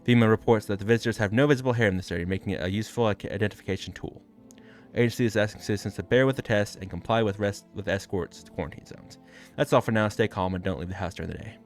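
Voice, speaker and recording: A man's voice: on the low side, rapid-fire, faint music behind, close to an everyday voice. A man voicing a formal television news anchor in a game, with announcer delivery.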